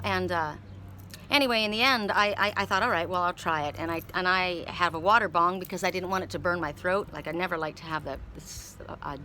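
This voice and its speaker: A woman's voice: fairly low pitch, bright, forceful tone, a little hiss or hum. A middle-aged woman who reads tarot cards, telling a personal story in a rambling, emotional way with many repeated words. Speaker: tarot card reader. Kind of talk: casual spoken storytelling.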